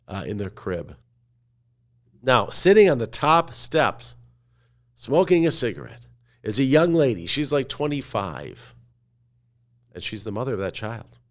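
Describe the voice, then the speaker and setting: A man hosting a podcast, telling a slow guided-imagery story and dropping to a hushed, low voice at the ends of phrases. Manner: slow, coaxing, asks listener to picture scenes. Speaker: podcast host.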